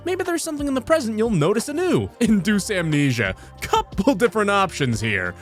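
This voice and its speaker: Guy reading funny posts out loud, high voice, super animated, deadpan one sec then heartfelt. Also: fairly quick, soft background music. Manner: expressive, shifting delivery from deadpan to heartfelt. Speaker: voice actor reading internet posts. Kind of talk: comedic reading of online posts.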